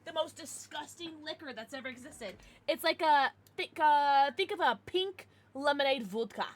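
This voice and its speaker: A woman streamer chatting casually with her viewers, excitable and swearing freely. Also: sits high, moderate pace. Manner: laughs and gasps often. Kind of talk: casual livestream chat with viewers.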